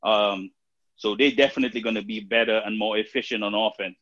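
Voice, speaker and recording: A man's voice: lowish voice, fairly even intonation, brisk, fairly bright tone, dry recording. A man co-hosting a casual sports talk show, hesitant with many fillers and restarts. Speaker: podcast co-host. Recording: dry, dull lo-fi sound.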